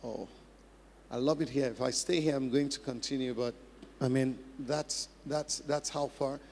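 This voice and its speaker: A man's voice: mid-range voice, steady tone, moderate pace, darkish tone, a little hiss or hum. A man preaching a sermon as pastor, emphatic, repeating key phrases and acting out practice drills. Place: large church hall. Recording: long hall reverb.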